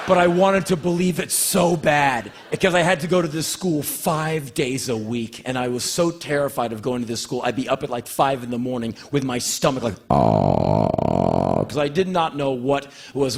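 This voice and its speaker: A man in his forties from Washington, D.C., telling a story on stage to a live audience in a blunt, profane, animated way. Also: medium pitch, husky. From Washington, D.C., USA. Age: 40s. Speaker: spoken-word performer.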